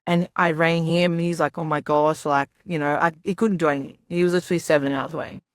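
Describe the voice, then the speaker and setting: A woman's voice: sits low, steady tone, fast talker, no room sound, studio quality. A young woman on a podcast, telling her story in a rambling, casual way full of "like" and quoted asides.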